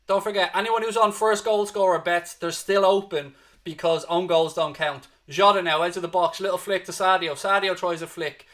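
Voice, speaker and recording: At a normal speed and a high pitch, a Dublin-accented man from Ireland hosts a watchalong for fans. Animated match commentary mixes with viewer chat, free swearing, and repeated calls to keep positive.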